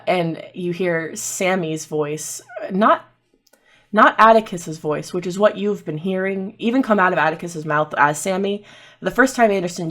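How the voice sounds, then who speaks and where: A woman narrating a tabletop role-playing game as game master, in a soft, hesitant way. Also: lowish voice.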